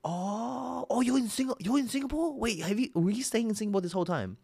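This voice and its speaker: An Australian man reacts live on his stream, chatty and quick to get excited. His pitch jumps all over the place, and the sound is close and dry with no room around it. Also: gravelly, husky, no echo.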